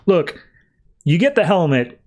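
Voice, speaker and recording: A man's voice: on the high side, very animated, unhurried, darkish tone, voice pushed up. A man playing an offhand ancient god-spirit. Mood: blunt. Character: ancient male god-spirit, blunt and indifferent.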